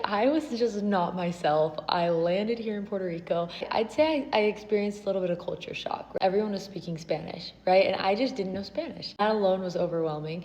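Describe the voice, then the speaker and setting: A young woman telling an earnest, emotional story from her own life as a vlogger, with soft laughs now and then. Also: medium pitch. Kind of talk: personal storytelling. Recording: slight hall reverb, faint noise.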